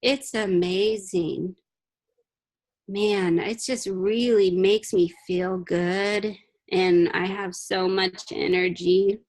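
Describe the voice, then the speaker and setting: A woman putting on a listless, dreary voice for a bored, unconvincing saleswoman. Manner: slow, flat, low mumble. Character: gloomy, listless woman pitching a product.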